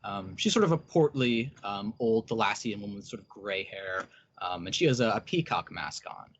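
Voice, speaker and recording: A man's voice: fairly low pitch, animated, normal speed, slight background noise. A man narrating as game master, with many hesitant ums and uhs. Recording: dull lo-fi recording.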